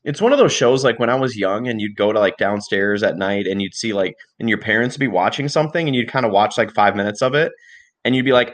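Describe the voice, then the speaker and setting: Talking fast in a lowish voice, this young podcast co-host spins long, animated, profane stories. The chat is casual and the tales meander all over the place.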